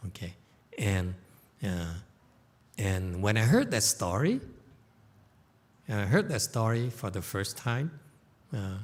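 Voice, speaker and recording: Slow-spoken man giving a dharma talk. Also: on the low side, slightly rough. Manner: informal, laughing, checks in with "okay?". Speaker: Buddhist teacher. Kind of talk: dharma lecture, storytelling. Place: temple lecture hall.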